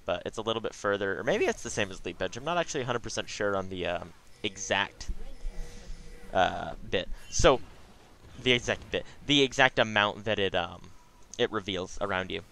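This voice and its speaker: A man's voice: lowish voice, lively intonation, moderate pace, gravelly, pushed and bright. A young man giving casual, chatty commentary over his own gameplay, with frequent asides.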